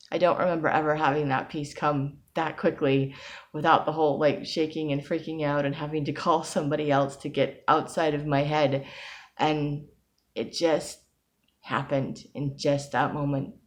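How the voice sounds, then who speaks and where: A woman's voice: low voice, fairly even intonation, normal speed. A woman recounting a personal experience in a casual video diary, rambling with lots of fillers and quoting her own thoughts. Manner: rambling, casual storytelling with fillers and quoted self-talk. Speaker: vlogger.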